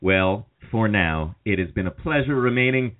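A man's voice: on the low side, lively intonation, normal speed. A man co-hosting a podcast, telling jokey stories in casual chat. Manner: jokey storyteller who slips into voices. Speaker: podcast co-host. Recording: phone-like call audio.

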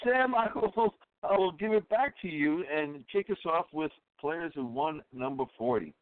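A man hosting a podcast steers the conversation in a mock-formal, playful manner. His voice sits a little high for a man. The audio is dry and tinny, like a phone line. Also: expressive, moderate pace, no echo. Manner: mock-formal, moderating segments. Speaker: podcast host. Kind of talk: casual chat.

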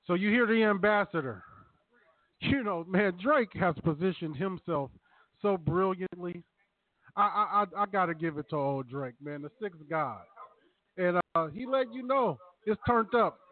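A man with a high voice hosts a loose sports chat and hands the floor to each panelist. His voice comes through a thin, phone-like line with a dry sound. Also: a little slow, no echo. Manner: relaxed, hands the talk around the panel. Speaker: podcast host.

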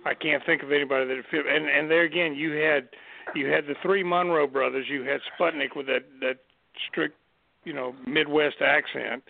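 A man's voice: a little high, steady tone, moderate pace, gravelly. A man co-hosting a casual chat show, rambling with frequent restarts and easy laughs. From Southern United States. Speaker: co-host. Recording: tinny phone line.

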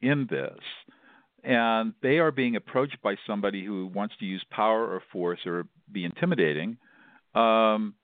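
Low-voiced man on a tinny line. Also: moderate pace, dry recording. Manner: emphatic, repeats words when stressing points. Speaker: mediator guest. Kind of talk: explanatory interview talk. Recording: dry, tinny phone-like line.

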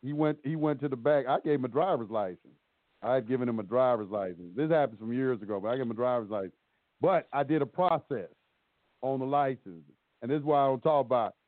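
On a call-in show, a man with a medium-pitched voice tells stories quickly and casually, acting out both sides of the conversation. It comes through a dry, tinny phone line.

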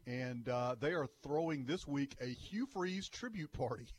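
A man's voice: medium pitch, a little slow, slight background noise. A man co-hosting a sports talk radio show, telling jokey stories in casual banter. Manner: lively, jokey storyteller.

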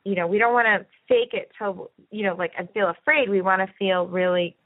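A woman's voice: medium pitch, a little fast. A woman podcast host talking at length in an earnest, encouraging way. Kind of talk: conversational podcast discussion. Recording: tinny phone-line audio.

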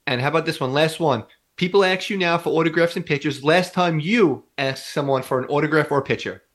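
Fast-talking upbeat podcast host. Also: male voice, on the high side, fairly bright tone. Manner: enthusiastic, quick questions, slangy "bro". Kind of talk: casual podcast interview.

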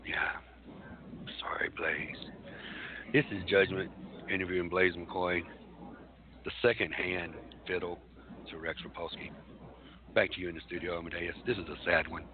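A man's voice: deep voice, level tone, normal speed, pauses often. Stammering, taunting man on a tinny line. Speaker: wrestling show personality. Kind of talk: in-character wrestling trash talk. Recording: tinny phone-like line, faint hiss.

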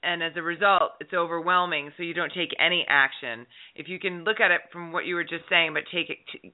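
High-voiced man host on a phone line. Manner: encouraging, halting restarts. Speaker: radio host. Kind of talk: casual interview chat. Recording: phone-line radio audio.

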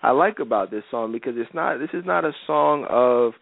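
A man's voice: medium pitch, moderate pace, gravelly, few pauses, no echo. Slangy male radio host lecturing. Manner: casual slangy preaching, repeats "you know what I'm saying". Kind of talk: faith-based advice talk radio. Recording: dry, tinny phone-like radio audio.

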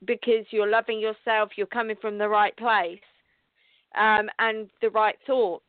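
A woman's voice: mid-range voice, fairly even intonation, unhurried, no room sound. A woman hosting a spiritual call-in radio show, effusive and thinking aloud with restarts, heard over a phone line.

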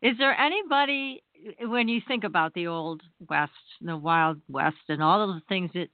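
A woman's voice: fairly low pitch, normal speed, no room sound. A woman hosting an interview, asking questions and reacting with encouraging exclamations. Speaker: interview host. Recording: dry, tinny phone-line sound.

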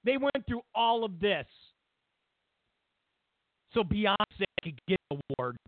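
This talk show host rants sarcastically and comically, rambling and restarting a lot, speaking slowly with big swings in his high pitch. Background noise is present, and the line sounds tinny, phone-like and dry.

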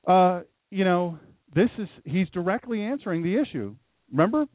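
A man preaching a sermon in a lively, conversational way, talking directly to his congregation. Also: high-pitched, normal speed, no room sound. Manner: animated, conversational preaching with asides to the room. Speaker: pastor. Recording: tinny phone-like sound.

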